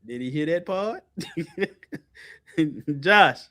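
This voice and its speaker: A man teaching Bible study in an animated, colloquial way, speaking on a video call. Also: drawn-out words. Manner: lively, colloquial, jumps high in pitch for emphasis, laughs often.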